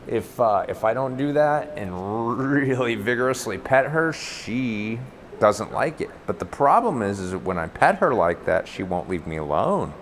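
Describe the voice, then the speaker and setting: A man's voice: on the low side, lively intonation, unhurried, noisy background. A man streaming live from home on a clip-on lapel mic, rambling casually, joking about himself and talking to his cats. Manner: rambling and self-mocking, talks to his cats. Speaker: livestreamer. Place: at home indoors.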